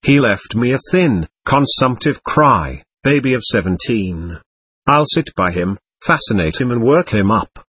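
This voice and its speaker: A man's voice: mid-range voice, lively intonation, measured pace, a bit bright, slightly rough, dry recording. A man reading the lines of a passionate, volatile young woman, proud and wounded, whose tone swings between tenderness and scorn. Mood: scornful.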